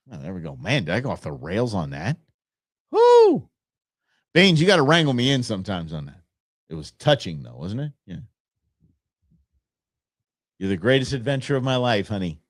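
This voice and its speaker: Male podcast host, lowish voice, dry close sound, chatty and excitable, rambles freely. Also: no echo. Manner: rambling, enthusiastic, self-interrupting. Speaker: show host. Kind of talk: casual solo podcast talk.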